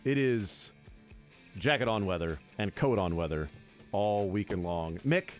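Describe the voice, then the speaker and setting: Lively joking man on sports radio. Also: lowish voice, unhurried, soft background music. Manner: joking, animated, laughs often. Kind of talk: casual sports radio banter.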